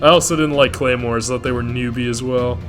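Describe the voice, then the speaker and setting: Male streamer, mid pitch, rambling and profane, casual recap commentary. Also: steady tone, a little fast, fairly bright tone, soft background music. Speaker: gaming streamer recapping a TV show.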